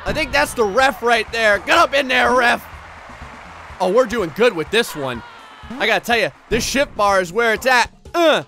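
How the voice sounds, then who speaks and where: A man excitedly commentating his own gameplay, often shouting and laughing at what happens on screen. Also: very high-pitched, moderate pace, faint music behind. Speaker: gaming channel host.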